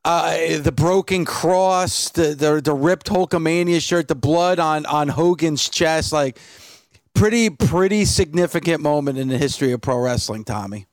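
A man's voice: fairly high pitch, a little slow, no echo. A man co-hosting a podcast, earnestly retelling a scene. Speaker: podcast co-host. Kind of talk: casual wrestling chat.

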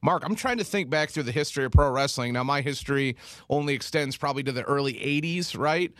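A man's voice: mid-range voice, a bit bright, dry recording, studio quality. A man hosting a sports radio talk show, chatting casually with lots of restarts. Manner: chatty, halting with restarts and laughs.

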